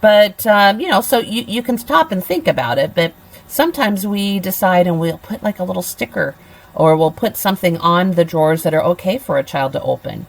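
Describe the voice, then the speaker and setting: A middle-aged woman gives a college lecture in a low voice with a gravelly edge. She talks conversationally, with fillers and restarts, and now and then slips into a soft, sing-song tone to act out what she would say to a toddler. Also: expressive, normal speed, poor audio. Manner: conversational, many fillers and restarts, acts out gentle phrases to children. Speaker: college instructor. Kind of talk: recorded lecture.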